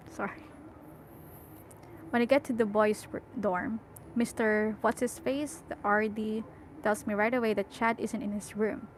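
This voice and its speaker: A young woman reads a novel aloud at a middle pitch and often catches her own slips. She breaks off into chatty, emotional asides, with a faint ambient hiss behind her. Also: fairly even intonation, normal speed, rough recording. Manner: emotional, self-correcting, chatty. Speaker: audiobook reader.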